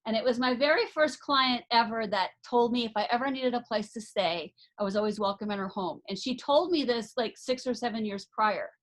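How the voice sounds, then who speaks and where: An author and life coach, this woman speaks briskly in a slightly high voice with hardly any pauses. As a podcast guest she tells a personal story, earnest and emphatic, often restarting her sentences.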